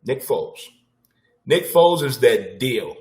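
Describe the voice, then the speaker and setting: A man hosting his own sports talk show in a loose, unscripted monologue. His delivery is blunt and animated, salted with casual swearing, and he likes to repeat a line for emphasis. The voice sits at a plain middle pitch. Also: measured pace.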